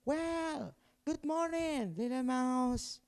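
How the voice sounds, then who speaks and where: A man voicing a sweet, charming young male mouse who talks softly and flatteringly. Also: extremely high pitch, drawn-out words, smooth, voice pushed up, heavily acted. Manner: soft and flattering.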